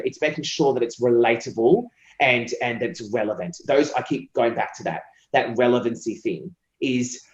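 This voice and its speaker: Passionate, talkative Australian man on a dull roomy line. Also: mid-range voice. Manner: passionate, talkative, acts out client quotes. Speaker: copywriter being interviewed. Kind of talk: casual interview conversation.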